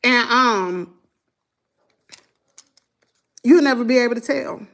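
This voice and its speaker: A woman's voice: a little high, normal speed, fairly bright tone. A middle-aged woman with a Southern US accent, chatting casually to viewers as a vlogger while scolding and dressing her child. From Southern United States. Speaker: vlogger and mother.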